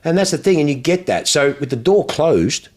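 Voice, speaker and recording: An Australian man in the car trade telling stories in loose chat. He is blunt and profane, and his pitch rises and falls a lot as he tells them. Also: normal speed. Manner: blunt, profane, animated anecdotes. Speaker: car dealer. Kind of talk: casual chat, storytelling.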